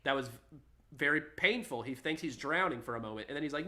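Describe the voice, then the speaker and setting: A man hosting a podcast, talking casually with animated, scoffing delivery and casual profanity. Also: on the high side, fast talker. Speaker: podcast host.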